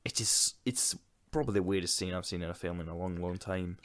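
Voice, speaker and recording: A man's voice: low voice, fairly quick. A man co-hosting a casual podcast conversation, speaking loosely with lots of fillers. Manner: loose and conversational, full of "like" and "yeah". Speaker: podcast co-host. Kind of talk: casual chat about a film.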